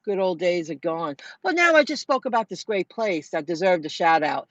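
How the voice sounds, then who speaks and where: A woman's voice: on the low side, normal speed, hardly any pauses, dry recording. Chatty woman vlogger, dry dull sound. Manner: chatty, animated retelling with quoted dialogue. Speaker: food delivery driver vlogger. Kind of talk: casual storytelling to viewers.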